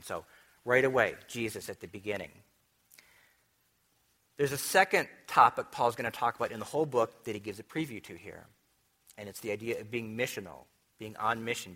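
Male pastor, bright and forceful tone, animated sermon delivery with big jumps in volume. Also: medium pitch. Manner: animated teaching with wide swings in loudness. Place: church.

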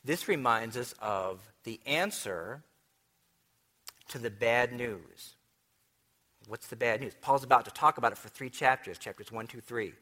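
A man preaching a sermon as pastor of his church, teaching with lively swings between loud emphasis and quiet asides. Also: mid-range voice, a little slow. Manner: animated teaching with wide swings in loudness.

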